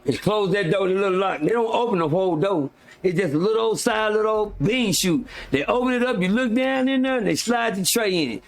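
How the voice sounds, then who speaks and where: With a high voice moving a little fast, a man rants on his live stream. It's heated, profane and rambling, and he constantly restarts and leans on filler words.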